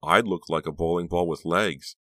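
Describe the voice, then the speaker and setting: A man voicing a lively, teasing teenage girl in an audiobook, speaking with raised pitch and eager emphasis. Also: moderate pace, no echo, clean studio sound. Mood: teasing, excited. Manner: enthusiastic and emphatic.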